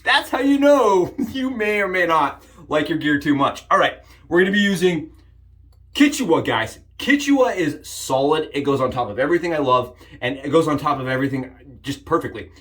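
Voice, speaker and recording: A man hosting a casual shaving vlog, upbeat and jokey, rambling with frequent restarts and sudden excited jumps in pitch. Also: normal speed. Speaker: shaving channel host. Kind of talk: casual shave demonstration vlog.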